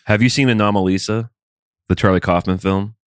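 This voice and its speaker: A man's voice: lowish voice, fairly even intonation, brisk, smooth, no room sound, clean studio sound. A man co-hosting a casual podcast chat, talking in an easygoing, rambling way about films. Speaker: podcast co-host.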